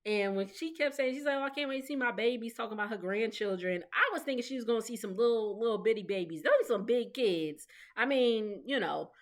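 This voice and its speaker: A woman's voice: mid-range voice, animated, brisk, hardly any pauses. A woman in her thirties chatting casually as she recaps a reality show, gossiping, laughing often and mimicking the people she talks about. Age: 30s. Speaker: recap vlogger.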